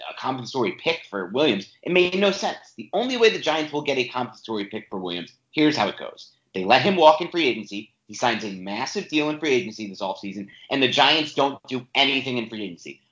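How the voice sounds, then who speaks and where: A man's voice: medium pitch, fairly bright tone, roomy sound. A man co-hosting a sports podcast, ranting emphatically and with frustration in casual talk. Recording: dull lo-fi audio.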